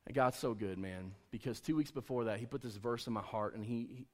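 A man preaching a sermon as a personal story, acting out conversations with lively swings in his voice. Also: medium pitch, brisk. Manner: animated storyteller, acts out dialogue. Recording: long hall reverb.

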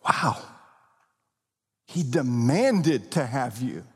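A man preaching a sermon as pastor, with expressive, deliberate emphasis and occasional laughs. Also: medium pitch, breathy edge, big-room sound.

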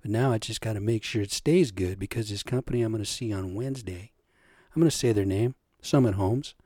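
A man's voice: fairly low pitch, brisk, dark tone, dry recording, clean studio sound. Profane, agitated man ranting. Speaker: podcast host. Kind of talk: solo ranting podcast.

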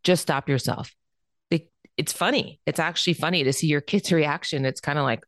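A woman's voice: low voice, normal speed, no echo, studio quality. A woman hosting a self-help podcast, talking listeners through changing their habits in an earnest, encouraging way. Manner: emphatic repetition for stress. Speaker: podcast host.

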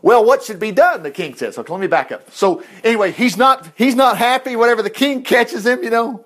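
Animated, high-voiced folksy male preacher. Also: a little fast. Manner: folksy, animated, self-interrupting, acting out scripture dialogue. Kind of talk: conversational sermon.

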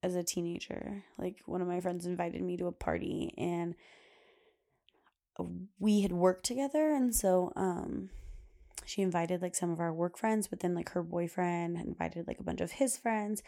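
Young mom podcaster, low-ish gravelly voice, rambly and chatty, says like a lot. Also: female voice, normal speed, dark tone. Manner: chatty, filler-heavy, laughs often. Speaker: podcast host. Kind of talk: casual solo podcast talk.

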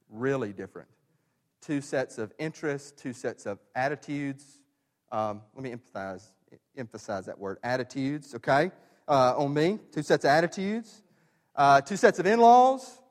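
A middle-aged male pastor preaching a sermon, emphatic and repetitive, rising to loud stresses and dropping to quiet lows. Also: in a large hall.

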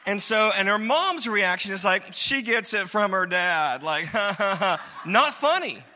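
Male pastor, high and very bright, playful storyteller preaching in a church with a long echo. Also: expressive, slow pace, slight background noise. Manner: storytelling, mimics voices, chuckles often. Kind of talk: humorous sermon. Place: church sanctuary. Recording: long hall reverb.

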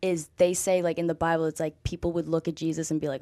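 A young woman, a guest on an interview show, telling her story with lively energy and acting out what people said. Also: fairly low pitch, a little fast, few pauses, no echo, clean studio sound. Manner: animated storyteller, acts out quoted dialogue, frequent "like". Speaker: guest, former college softball player. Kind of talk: conversational interview.

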